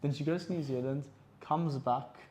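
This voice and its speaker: A man's voice: on the high side, moderate pace. A man co-hosting a casual podcast chat, telling stories animatedly and acting out quotes. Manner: animated storyteller, acts out quotes. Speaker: podcast co-host.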